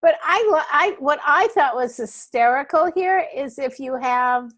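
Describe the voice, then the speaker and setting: A woman coaching comedy in casual talk, halting, with many fillers. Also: high voice, expressive, fairly bright tone.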